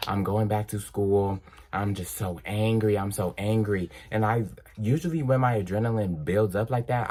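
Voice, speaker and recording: Young man telling a storytime, low voice. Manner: animated, acts out dialogue in quotes. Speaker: storytime vlogger. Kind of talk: casual storytelling.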